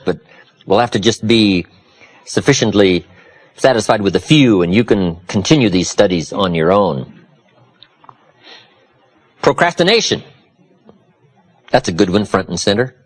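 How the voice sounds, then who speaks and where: A man giving a motivational seminar talk in a preacherly way, dropping low and confiding, then rising loud and emphatic. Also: sing-song, moderate pace, long pauses, husky. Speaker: motivational speaker.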